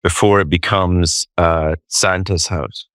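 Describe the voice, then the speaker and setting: A man's voice: sits low, fairly even intonation, takes it slowly, fairly bright tone, dry recording, studio quality. A man hosting a podcast in casual chat, joking and swearing freely while on a remote call. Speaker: podcast host. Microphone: remote call, he is far from his guest.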